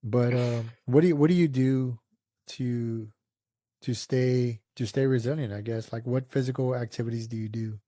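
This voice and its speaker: A man's voice: medium pitch, fairly even intonation, moderate pace, dark tone, no echo, studio quality. A man hosting a podcast, asking questions casually and rephrasing them as he searches for words. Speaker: podcast host.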